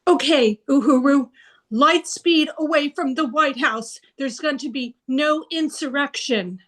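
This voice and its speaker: A woman performing an improvised comedy scene, switching between crew voices with a halting delivery. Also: sits high, a bit bright.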